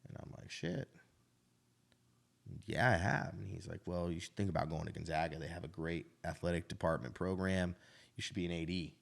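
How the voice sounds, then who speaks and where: Deep voiced guy in his 30s telling stories, keeps saying right?. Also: fairly even intonation, quick pace, gravelly. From Idaho. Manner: frank, conversational, peppers with "right?". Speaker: guest, restaurant owner. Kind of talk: casual interview storytelling.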